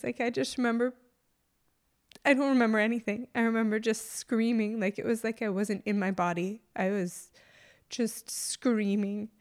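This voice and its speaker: A woman's voice: fairly high pitch, darkish tone. Emotional woman telling a personal story. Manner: emotional, halting, many fillers.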